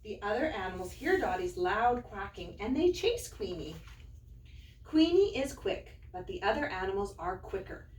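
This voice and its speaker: A woman teacher reading a picture book aloud to young children in a slow, sing-song storytelling way, then showing how to write a letter. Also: mid-range voice, big pitch swings, slight background noise. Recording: roomy, mic at a distance.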